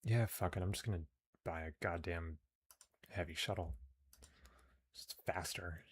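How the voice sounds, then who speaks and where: A man's voice: sits low, fairly even intonation, unhurried, slightly rough. A man reading game text aloud as narration, with casual, sometimes profane asides. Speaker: game streamer.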